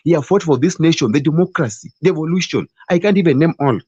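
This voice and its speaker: A man's voice: fairly high pitch, quick pace, a little mellow, breathy edge, dry recording. A man with a Kenyan accent making a passionate political case in an online debate, often repeating and restarting his words. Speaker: debate participant. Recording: dull, lo-fi online call audio.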